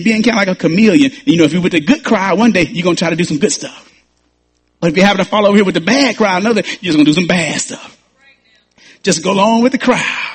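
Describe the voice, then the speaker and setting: A man's voice: high-pitched, husky. A man, a pastor preaching an emphatic sermon with repeated phrases and stammered restarts.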